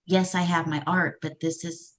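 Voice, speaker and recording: A woman's voice: on the low side, flat delivery, moderate pace. A woman guest in a casual interview, speaking candidly and emotionally, with laughs and sighs. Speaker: interview guest, coaching client.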